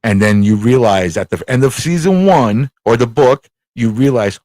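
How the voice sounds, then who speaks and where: A man's voice: mid-range voice, expressive, normal speed, few pauses, darkish tone, no room sound. A man hosting a casual live talk show, rambling, swearing freely and repeating himself as he tells a story. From United States. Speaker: show host.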